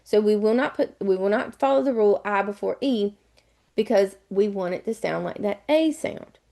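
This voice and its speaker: Southern US woman, test prep tutor, chatty, repeats each step, mid-pitched. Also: normal speed, gravelly, warm tone. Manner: chatty, repetitive step-by-step explaining. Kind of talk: live online webinar lesson.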